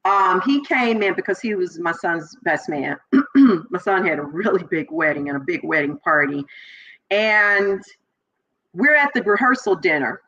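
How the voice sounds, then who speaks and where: Animated middle-aged woman from Chicago. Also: measured pace. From Chicago, Illinois. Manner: animated, acts out quoted voices with big pitch jumps. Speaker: interview guest, former police officer. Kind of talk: personal storytelling in conversation. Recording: slightly dull lo-fi audio.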